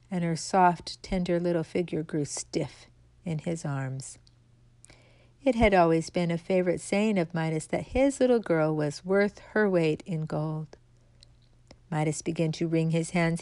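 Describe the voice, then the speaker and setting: Low-voiced woman reading a storybook. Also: no echo. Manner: gentle, expressive read-aloud. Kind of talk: storybook narration.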